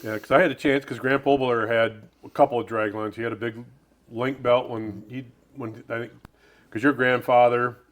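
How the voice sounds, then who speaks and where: A man's voice: mid-range voice, fairly even intonation, normal speed. A man, a grandson in the family, reminiscing in a casual conversation and laughing along. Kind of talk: casual chat.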